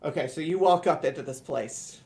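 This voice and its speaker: A man narrates a tabletop role-playing session as the game master. His voice sits a bit high, and he tells the scene with animated, laughing energy. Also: moderate pace.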